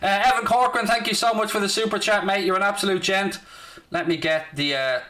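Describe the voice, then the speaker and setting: Brash Dublin man with a bright voice. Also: high voice, fairly even intonation, fast talker. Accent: Dublin Irish. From Ireland (South Dublin). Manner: brash, sarcastic, swearing banter. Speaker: football watchalong streamer. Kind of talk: casual live-stream chat.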